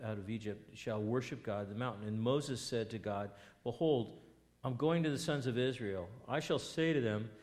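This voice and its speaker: In a mid-range voice and at a moderate pace, a man gives a sermon, reading from scripture and addressing rhetorical questions to those listening. His delivery swings from loud emphasis to quiet asides.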